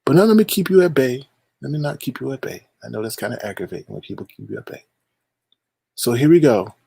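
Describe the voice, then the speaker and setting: Male livestream host with a gravelly, raspy voice; playful, shady gossip commentary while reading chat. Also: mid-range voice, expressive, fast, warm tone, no echo.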